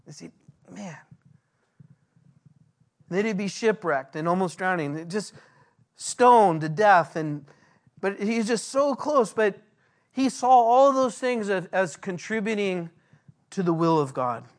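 A man, a pastor, giving a verse-by-verse Bible teaching in an earnest way, slowing down when he reads scripture aloud. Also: sits high, animated.

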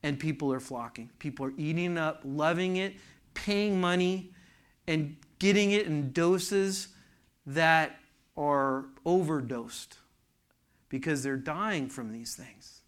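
A man's voice: a little high, slow. A man preaching a sermon to a congregation in a church, fervent and asking the room questions. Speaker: pastor.

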